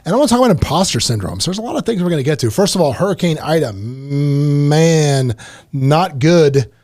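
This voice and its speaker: Middle-aged guy hosting a podcast, kinda high voice, dry close sound, talks emphatic and repeats stuff. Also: brisk, dry recording. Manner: animated, emphatic, repeats himself. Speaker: podcast host. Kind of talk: casual podcast banter. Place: podcast studio.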